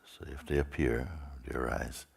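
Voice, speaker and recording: A man as a spiritual teacher leading a guided meditation in slow, sparse phrases with long pauses. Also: extremely low pitch, steady tone, creaky, husky.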